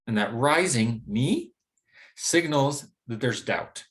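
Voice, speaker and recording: A man's voice: mid-range voice, lively intonation, slow. A man giving a recorded pronunciation lesson, explaining steadily with frequent hedges like "sort of" and "maybe.". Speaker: English pronunciation teacher. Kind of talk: recorded lecture with slides.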